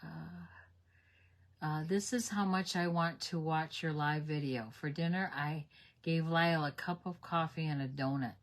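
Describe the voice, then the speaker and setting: Low, unhurried woman crafting live. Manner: chatty, talks herself through each step. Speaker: crafting livestream host. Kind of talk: live card-making demonstration.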